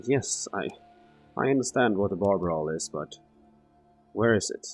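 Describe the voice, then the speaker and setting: A man's voice: low voice, lively intonation, unhurried, soft background music. Rambling man doing gameplay commentary. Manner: rambling, swears casually, thinks aloud. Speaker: let's play gamer.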